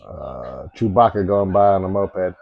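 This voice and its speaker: Slow, rambling male commentator. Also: sits low, expressive, gravelly, narrow, tinny audio. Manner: rambling, self-mocking, chuckling asides. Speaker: watch-along commentator. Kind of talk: casual commentary.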